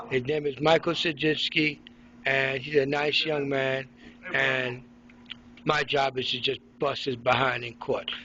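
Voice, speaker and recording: A man's voice: mid-range voice, bright, forceful tone. A man from Haiti delivering an angry, rambling, profane monologue as a personal video log from a hospital room. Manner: ranting, profane, mocking. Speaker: vlogger recording a personal log. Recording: dull lo-fi with faint noise.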